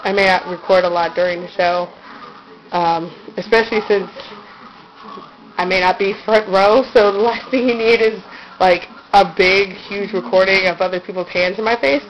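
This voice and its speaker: A woman's voice: medium pitch, steady tone, normal speed, muffled recording, a little hiss or hum. A woman giving a rambling, giggly tour of her bedroom, recorded on a handheld camera's built-in mic. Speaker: vlogger giving a room tour. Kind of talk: casual handheld room-tour chat. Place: her own bedroom, indoors.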